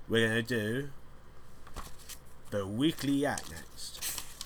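A man's voice: mid-range voice, expressive, takes it slowly, background noise. A man hosting a podcast alone, rambling through crude, jokey banter in a casual chat. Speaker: podcast host.

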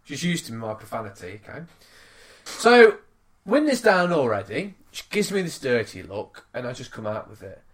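A man telling a road-rage story in casual chat, swearing and acting out his own shouting. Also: mid-range voice, very animated, normal speed. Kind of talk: casual chat, animated anecdote.

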